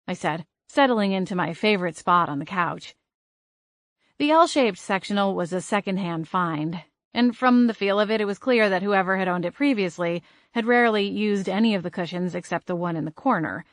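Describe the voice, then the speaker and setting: A woman narrating an audiobook in an expressive, brisk reading style. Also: fairly low pitch, no room sound, clean studio sound.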